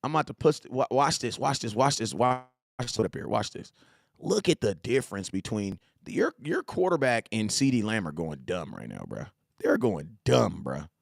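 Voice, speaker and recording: A man in his forties hosting a casual live sports talk stream, animated and repetitive, full of slang, talking straight to his chat. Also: mid-range voice, normal speed, gravelly, no room sound, clean studio sound. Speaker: live show host.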